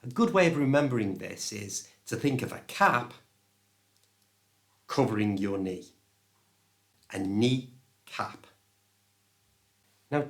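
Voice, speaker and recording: Slow, lively British English teacher. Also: male voice, mid-range voice. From England. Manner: slow, clear and deliberate, modelling words for repetition. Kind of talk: pronunciation lesson to camera.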